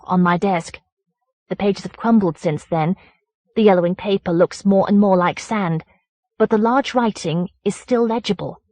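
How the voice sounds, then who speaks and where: Measured woman reading a horror story. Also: on the low side, a little mellow, no echo. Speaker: audiobook narrator.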